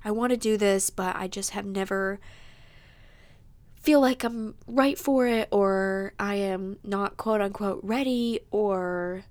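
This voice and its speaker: A woman's voice: mid-range voice, fairly even intonation, slow, darkish tone. Early-20s woman on her podcast, sniffly and teary, lots of likes and ums, heartfelt. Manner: emotional, tearful, many fillers and likes. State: sniffling, close to tears. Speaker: podcast host. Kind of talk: casual heartfelt monologue.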